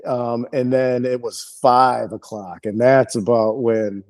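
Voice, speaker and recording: A male comedian, a podcast guest, telling an animated, rambling and profane story with lots of restarts. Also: medium pitch, slow pace.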